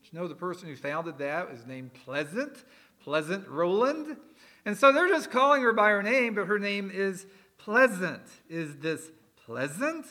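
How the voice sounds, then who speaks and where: A man's voice: high-pitched, expressive, normal speed, bright, forceful tone. A man preaching a sermon, explaining words in a conversational way with folksy asides. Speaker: pastor.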